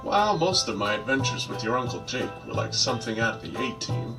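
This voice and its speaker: A man's voice: medium pitch, big pitch swings, a little fast, over loud music, low-quality recording. An actor gives a film voice-over as a man recounting his past to his kids, in a reflective, storytelling way.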